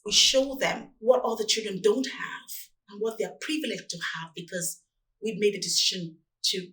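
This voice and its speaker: A woman's voice: on the high side, normal speed, far from the mic, low-quality recording. A woman in her forties with a Nigerian accent, answering interview questions about parenting in a reflective, earnest way. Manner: earnest, animated storytelling.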